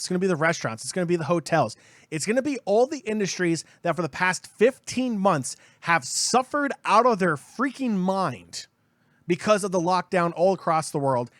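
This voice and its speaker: A man's voice: sits high, dry recording. A man co-hosting a gaming podcast, ranting heatedly and emphatically and hammering points home through repetition. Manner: heated, emphatic, repeats himself. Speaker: podcast co-host. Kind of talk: opinionated podcast rant.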